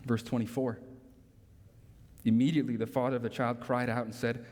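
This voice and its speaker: Emphatic preacher with a ringing hall echo. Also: male voice, medium pitch, flat delivery, fairly quick, long pauses, darkish tone. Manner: emphatic preaching with frequent rhetorical tag questions. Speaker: pastor. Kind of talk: sermon. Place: church sanctuary. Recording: long reverb from a large hall.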